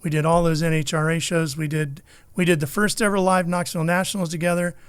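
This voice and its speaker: A middle-aged man, a motorsports broadcaster, telling a story with lively energy in a podcast interview. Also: fairly high pitch, fast talker, smooth, dry recording. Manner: lively anecdotal storyteller, acts out the people in his stories.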